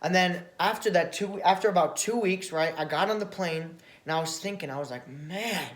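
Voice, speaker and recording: An American man telling a casual travel story to camera. He rambles, repeats phrases and often ends sentences with a quick "right?". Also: sits high, fairly bright tone, echoey room. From United States. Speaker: vlogger.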